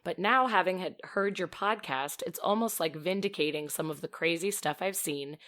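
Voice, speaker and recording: A woman co-hosting a podcast in casual chat, chatty and expressive, laughing often as she reads a listener's email aloud. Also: on the low side, normal speed. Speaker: podcast co-host.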